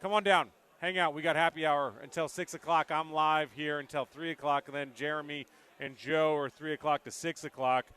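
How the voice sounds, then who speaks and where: Upbeat sports radio host. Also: male voice, fairly high pitch, steady tone, fairly quick, bright, forceful tone, smooth. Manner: upbeat, talkative, plugs the bar between sports talk. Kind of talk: casual sports radio chat. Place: busy pub, remote broadcast.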